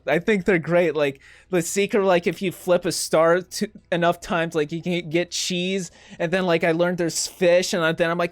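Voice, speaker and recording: A man interviewing a game developer, asking questions in an excited, chatty way and laughing often. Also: high voice, normal speed, hardly any pauses, dry recording.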